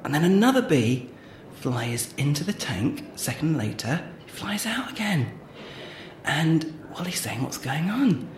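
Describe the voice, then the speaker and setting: A man's voice: fairly high pitch, big pitch swings, measured pace. Man, podcast co-host, theatrical joke teller, roomy sound, faint hiss. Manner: theatrical, laughs at his own jokes. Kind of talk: playful comedy sketch and joke telling.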